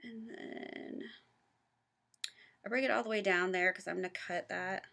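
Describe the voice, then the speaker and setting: Lady chatting thru a craft project at home, bright voice, kinda jokey about herself. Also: medium pitch, steady tone, measured pace, vocal fry. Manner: chatty, talks through each step, self-deprecating. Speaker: craft vlogger. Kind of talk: casual craft tutorial.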